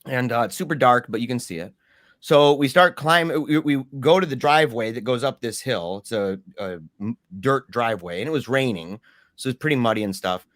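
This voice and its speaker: Animated male guest storyteller, dry sound. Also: medium pitch, fairly quick, no echo. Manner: animated, many restarts and fillers. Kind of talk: casual storytelling.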